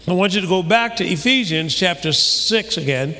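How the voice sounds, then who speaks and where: A man preaching in a sanctuary, his fairly high voice carrying a long reverb through the hall. He delivers an animated sermon with many restarts and fillers, rising now and then to shouts. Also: moderate pace, few pauses, background noise. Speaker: pastor.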